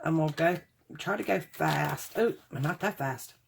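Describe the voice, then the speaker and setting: A chatty woman in her forties, talking casually to viewers in a rambling, homey way. Her voice sits a little low for a woman. She keeps addressing her audience as y'all. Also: unhurried, gravelly, background noise. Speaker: craft haul vlogger. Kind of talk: casual chat to camera.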